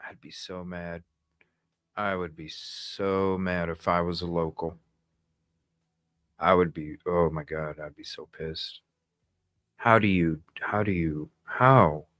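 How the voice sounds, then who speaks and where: A man's voice: deep voice, steady tone, slow pace, pauses often, fairly bright tone, dry recording, clean studio sound. A man hosting a live news stream, talking in agitated, indignant bursts that ramble with restarts.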